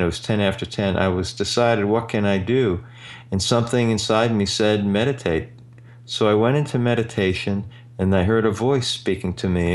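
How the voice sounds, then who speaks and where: A man with a low voice hosts a radio talk show. He tells a personal story in a slow, earnest way. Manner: slow, earnest anecdote telling.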